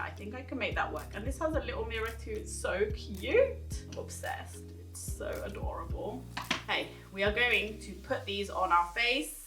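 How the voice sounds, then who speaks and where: A woman giving a casual makeup review in a chatty, giggly way, rambling with fillers as she talks at her table. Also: mid-range voice. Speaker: beauty vlogger. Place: indoors at a table, echoey room. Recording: echoey room, voice from a distance, music behind.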